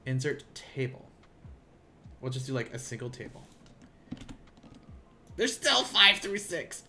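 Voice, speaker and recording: A man's voice: medium pitch, big pitch swings, slow pace, pushed and bright, soft background music. A man with a Southern US accent giving a casual live-streamed language lesson, rambling and self-deprecating as he thinks aloud. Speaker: language teacher. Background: keyboard typing.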